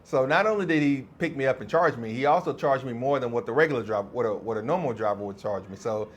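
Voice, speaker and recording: A man's voice: medium pitch, quick pace, slight background noise. A young adult man, a podcast co-host, telling a story in casual chat, laughing often and acting out the quotes.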